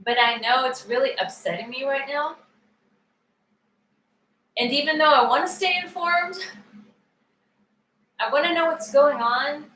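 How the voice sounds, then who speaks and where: Slow, bright-voiced woman leading a tapping session. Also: sits high, reverberant, slight background noise, low-quality recording. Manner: calm, guiding, speaks feelings aloud for listeners to repeat. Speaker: EFT tapping coach.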